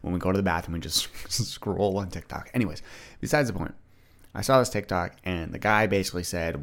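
A man's voice: low-pitched, fairly quick, gravelly, fairly bright tone. A young man hosting a solo podcast, talking casually and rambling with many restarts. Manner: rambling, chatty, frequent restarts and "like". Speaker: podcast host.

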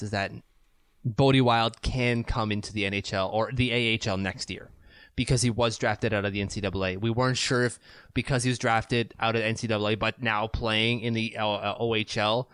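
A man from Canada co-hosting a podcast over a video call, talking casually and excitably, often restarting sentences and jumping up in pitch when he makes a point. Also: clear, resonant tone, dry recording, studio quality. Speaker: podcast co-host. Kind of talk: casual sports talk. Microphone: remote video call.

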